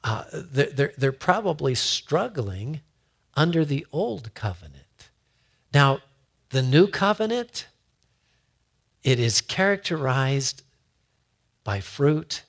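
Bright-voiced man preaching slowly. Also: medium pitch. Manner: folksy, repeats words when emphatic. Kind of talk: conversational sermon.

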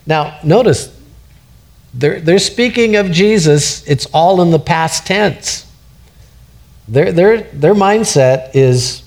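A pastor preaches an expository sermon verse by verse in a conversational style, asking the congregation questions and repeating words to build his point. His voice is on the high side and animated, and he speaks slowly.

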